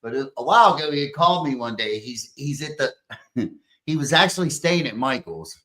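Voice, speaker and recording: A man's voice: mid-range voice, big pitch swings, normal speed, a bit bright. A man hosting a podcast, telling a profane story with lots of chuckles and loose restarts. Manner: laughing, profane, loses his train of thought. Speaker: podcast host. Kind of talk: casual podcast chat.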